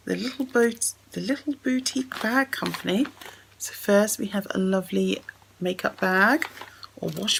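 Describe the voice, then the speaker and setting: A woman's voice: mid-range voice, creaky, a bit bright, a little hiss or hum. A young woman chatting casually as she unboxes a gift on camera, effusive and full of thanks. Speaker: beauty vlogger.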